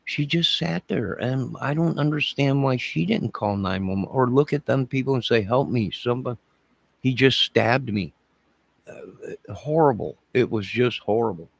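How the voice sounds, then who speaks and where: A man's voice: medium pitch, creaky, slightly rough, no echo. A middle-aged man hosting a livestream, talking in an emotional, repetitive way and addressing his chat. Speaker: channel host. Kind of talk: rambling livestream talk.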